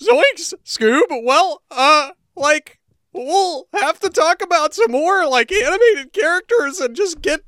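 A jittery, easily spooked cartoon slacker, put on by a man yelps in a very high, sing-song voice, leaning on "like" every few words. The sound is close and dry. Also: expressive, takes it slowly, bright, forceful tone, no room sound, heavily acted. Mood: goofy. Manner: high-pitched and yelping, full of "like"s.

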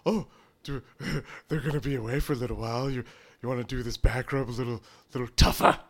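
A man's voice: steady tone, quick pace, fairly bright tone, natural voice. A man voicing a nervous, fidgety man who stammers and gets creepy and clingy. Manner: stammering, high and jittery.

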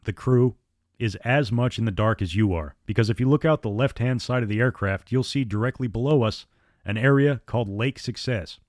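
A man voicing a male airline captain who speaks soft and firm while addressing his crew and passengers. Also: medium pitch, normal speed, dry recording, studio quality, lightly acted. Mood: resolute. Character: male airline captain, steady under crisis.

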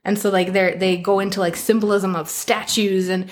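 A woman's voice: mid-range voice, flat delivery, moderate pace. A young woman from Canada co-hosting a podcast, telling stories in casual, chatty talk full of swearing and laughter. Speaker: podcast co-host. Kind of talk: casual chat.

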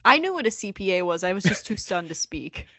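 A woman's voice: medium pitch, sing-song, fairly quick, a bit bright, no room sound. Woman, podcast co-host, playful exaggerated chat, dry close sound. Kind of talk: casual movie review chat. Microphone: remote podcast mic, no camera.

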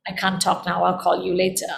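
A woman's voice: lowish voice, monotone, a little fast, gravelly. A middle-aged woman, a guest in a conversation, telling a personal story in an earnest, heartfelt way and repeating phrases for emphasis.

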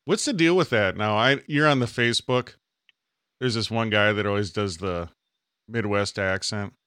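A man's voice: lowish voice, moderate pace, a bit bright, clear, resonant tone, no echo. Guy cohosting a podcast, goofy casual banter, dry close sound. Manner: jokey, drops into silly put-on voices. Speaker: podcast co-host. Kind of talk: casual comedic chat.

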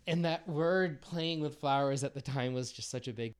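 A middle-aged man from Massachusetts with a Boston accent, chatting as a podcast guest in an animated, self-deprecating way. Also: medium pitch, normal speed, clear, resonant tone. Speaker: guest, floral designer. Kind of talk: casual podcast interview.

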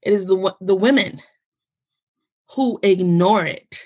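An American woman sits in as a podcast guest and talks in lively, fast spurts. She breaks off and restarts her sentences as her thoughts race ahead, and her pitch sits in an ordinary middle range for a woman. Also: husky. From United States. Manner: animated, talks in quick bursts with many restarts. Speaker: podcast guest, founder of a mental health community. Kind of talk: casual conversational interview.

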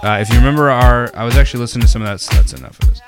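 Talking rapid-fire over music, a man with a medium-pitched voice hosts a casual podcast. He rambles with lots of fillers and restarts, tossing in jokey, self-deprecating asides.

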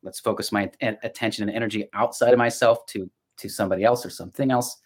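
Husky, fairly low in pitch and fairly even in intonation, a middle-aged man who works as a voice actor speaks fast as a podcast guest. The conversation is casual; he reflects and tells stories, frequently restarting sentences.

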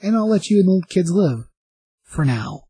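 A grim, vengeful antihero who speaks bluntly and with menace, as a man retelling a story puts him on. The voice sits somewhat higher than his usual talk and a bit louder. It sounds husky and dry. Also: expressive, normal speed, dry recording, full character voice. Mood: menacing. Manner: threatening, blunt.

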